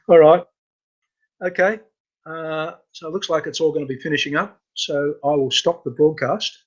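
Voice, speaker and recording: Through a muffled recording, a man at a medium pitch hosts an informal live computer training webinar, stumbling along with lots of fillers and restarts.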